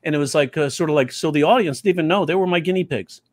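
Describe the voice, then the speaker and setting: A man who teaches comedy telling stories in an interview, animated and slipping into quoted voices. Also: a little high, racing, dry recording. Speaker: comedy teacher and stand-up comic. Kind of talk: storytelling interview talk.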